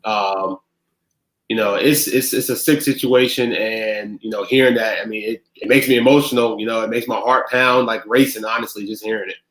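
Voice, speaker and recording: A man talking as a podcast guest, halting and reflective, with frequent pauses. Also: lowish voice, steady tone, a bit bright, echoey room, rough recording. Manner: halting, many pauses and fillers. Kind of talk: emotional discussion.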